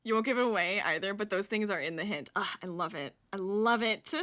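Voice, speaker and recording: A woman's voice: mid-range voice, fairly quick, fairly bright tone. A woman streaming live while she crochets, chatting and laughing with her viewers and counting stitches under her breath.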